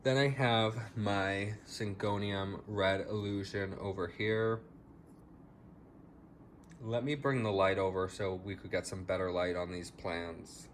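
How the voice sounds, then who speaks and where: A man's voice: lowish voice, steady tone, slow, a little hiss or hum. A man chatting casually through a house plant tour in his home, a little dramatic about how his plants are doing. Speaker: plant vlogger.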